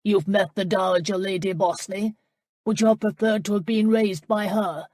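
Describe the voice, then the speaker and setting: A woman reading the lines of a deceitful aging man, defending himself in a measured way. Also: mid-range voice, fairly even intonation, a little mellow, no room sound, natural voice. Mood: justifying. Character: deceitful aging man, former false lord.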